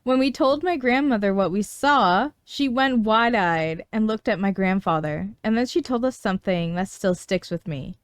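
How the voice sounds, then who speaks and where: A woman's voice: mid-range voice, expressive, normal speed, hardly any pauses, clean tone, no room sound, studio quality. A woman co-hosting a podcast, reading a listener's story aloud in a casual storytelling way. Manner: storytelling with frequent laughs. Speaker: podcast co-host.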